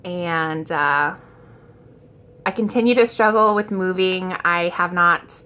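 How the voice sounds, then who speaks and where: A woman's voice: fairly low pitch, slow pace, pushed and bright. A woman in her thirties talking casually in a rambling, self-deprecating vlog, full of ums and likes, and scatterbrained by her own account. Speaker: vlogger.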